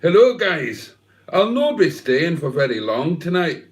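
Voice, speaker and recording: A man's voice: on the high side, big pitch swings, measured pace, pitched above the performer's own voice. A man reading out a viewer's chat message. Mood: breezy. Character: male chat viewer in a put-on Scottish-style accent.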